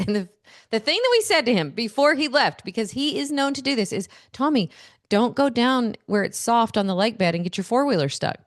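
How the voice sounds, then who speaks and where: Woman, 40s, solo podcast host; lively storyteller with easy laughs, close dry mic. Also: fairly low pitch, dry recording. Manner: animated storyteller, laughs often. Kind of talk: casual solo podcast talk.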